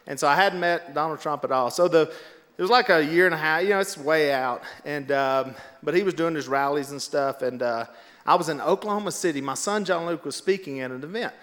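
A middle-aged man telling a casual anecdote, animated and acting out the voices of the people in it. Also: fairly high pitch, fairly quick, big-room sound. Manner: animated, acts out quoted voices. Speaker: storyteller. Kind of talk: casual anecdote, told to a laughing audience.

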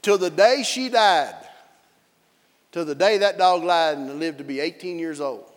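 A man preaching a sermon as pastor, telling a lively story with barking dog imitations. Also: on the high side, unhurried. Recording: long reverb of a large hall.

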